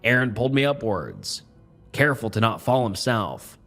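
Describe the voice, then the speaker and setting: Male horror narrator, scripted first-person reading, even pacing, faint backing music. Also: mid-range voice, moderate pace.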